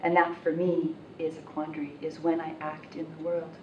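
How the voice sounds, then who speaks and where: A woman telling a personal story at a workshop in an animated, self-mocking way. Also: low-pitched, moderate pace, muffled recording. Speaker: workshop participant. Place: conference workshop room. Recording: roomy, distant, noisy room mic.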